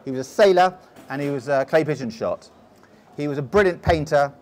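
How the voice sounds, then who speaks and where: A man's voice: on the high side, fairly quick. Posh English man telling stories. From England. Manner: rambling, restarts often. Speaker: guest explorer. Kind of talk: storytelling interview.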